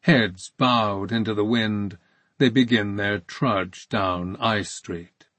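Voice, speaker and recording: Male audiobook narrator, slow and measured, husky. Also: on the low side, fairly even intonation, fairly bright tone, dry recording. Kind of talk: scripted narration.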